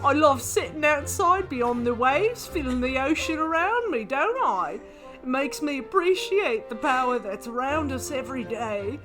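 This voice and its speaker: A woman's voice: sits high, lively intonation, unhurried, over music. Woman doing a hammy fake-Cockney racing driver. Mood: mock earnest. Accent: put-on bad Cockney. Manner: hammy, reading a caption with mock poetic flourish. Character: exaggerated male British racing driver impression.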